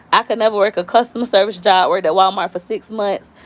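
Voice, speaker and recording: A woman's voice: mid-range voice, fairly even intonation, fairly quick. A woman from Florida hosting a casual live stream, talking candidly and acting out quoted voices as she tells stories. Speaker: YouTube host.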